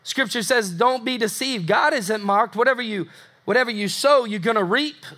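A man's voice: very high-pitched, normal speed, bright, forceful tone. A man preaching a sermon as pastor, emphatic, repeating phrases for effect and acting out the voices of people in the story.

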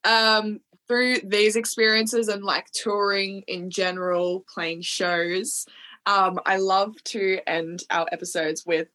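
A woman's voice: medium pitch, little pitch movement, slow, sharp tone. A woman hosting a podcast, asking questions casually and reacting with enthusiasm. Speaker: podcast host. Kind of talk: casual interview chat.

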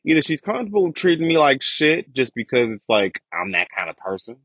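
A man's voice: mid-range voice, sing-song, a little fast, a bit bright, husky, dry recording. A young man ranting with frustration and heavy profanity in a casual podcast monologue about his family. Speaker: podcast host. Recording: dull lo-fi dry recording.

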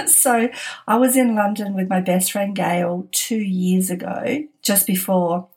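A woman's voice: medium pitch, fairly even intonation, slow pace, darkish tone. A woman casually telling funny personal anecdotes, chatty and often laughing as she talks. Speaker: storyteller.

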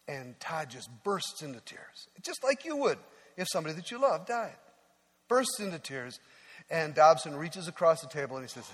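Male pastor, slightly high voice, earnest sermon storytelling, long church reverb. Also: a little fast. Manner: earnest storytelling, drops to a hush for emotional moments.

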